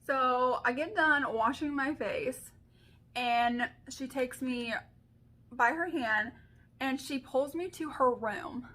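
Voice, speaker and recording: Chatty woman doing her makeup on camera, bright kinda high voice, lots of likes. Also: slow. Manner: chatty, storytelling, filler-heavy with frequent "like". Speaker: beauty vlogger. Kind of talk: casual makeup tutorial chat.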